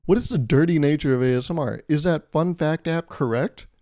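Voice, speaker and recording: A man's voice: on the high side, fairly quick, mellow. A man in his twenties hosting a solo podcast, rambling and joking as he swears casually into his mic. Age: 20s. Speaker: podcast host. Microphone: podcast microphone.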